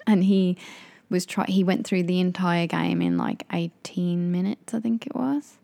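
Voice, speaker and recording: A woman chatting casually with a friend, quick to laugh and slip into impressions. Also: fairly low pitch, lively intonation, vocal fry, mellow, dry recording. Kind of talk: casual chat.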